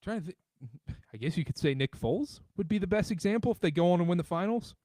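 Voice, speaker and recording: A fairly high-voiced man hosts a casual sports podcast, his pitch swinging widely as he gets worked up. He is from the American South. The sound is dry and close. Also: fast talker, no room sound. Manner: animated, jumps pitch when excited. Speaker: podcast host.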